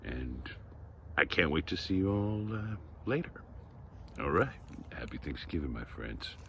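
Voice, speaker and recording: A man reading a picture book aloud to children, playful and animated, chatting with them between pages. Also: low voice, measured pace, a little hiss or hum. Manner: playful, animated, talks to kids directly. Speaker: storytime reader.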